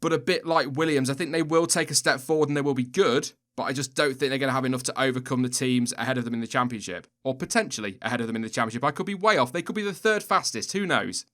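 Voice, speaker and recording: A man's voice: mid-range voice, fast, hardly any pauses, fairly bright tone. A young man hosting a solo motorsport commentary video, chatty and opinionated with self-deprecating asides. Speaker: F1 video host.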